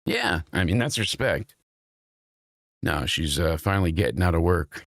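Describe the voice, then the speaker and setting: A man with a low voice hosts a casual podcast, reacting to clips and swearing loudly as he gets worked up, his pitch leaping upward. The recording is dry and close. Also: moderate pace, pauses often, no echo. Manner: excitable, swears loudly, jumps high in pitch when worked up. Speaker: podcast host. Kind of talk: casual chat while watching clips.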